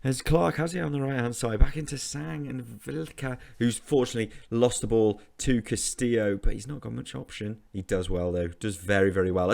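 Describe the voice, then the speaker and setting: A man giving animated, exasperated commentary as he plays a football management game, often repeating himself. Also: medium pitch, a little fast, gravelly, hardly any pauses. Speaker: gaming YouTuber.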